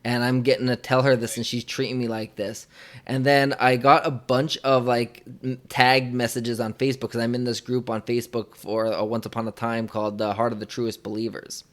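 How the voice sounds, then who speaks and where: A man's voice: mid-range voice, flat delivery, moderate pace. Young man, interviewer, casual storytelling, rambling, lots of fillers. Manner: rambling, emotional, with many fillers and restarts.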